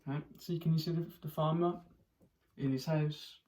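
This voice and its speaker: Teacher reading a storybook aloud. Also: mid-range voice. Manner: pauses to ask young listeners questions; reads with expressive character voices and animal noises. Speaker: primary school teacher. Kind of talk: reading a picture book aloud to children.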